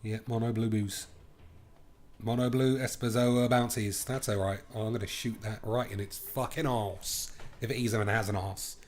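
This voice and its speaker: A man with a slightly low voice talks through a card game as he plays it. He is playful and crude, weighing each move out loud like a gaming video host. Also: fairly even intonation, normal speed. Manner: playful and crude, thinking aloud. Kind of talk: live card game commentary.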